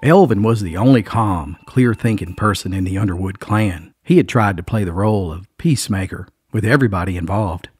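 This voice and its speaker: A man's voice: lowish voice, a little fast, few pauses, a little mellow, breathy edge, dry recording. A man narrating a dramatic mountain feud story, building suspense with folksy, emphatic asides. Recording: faint music underneath.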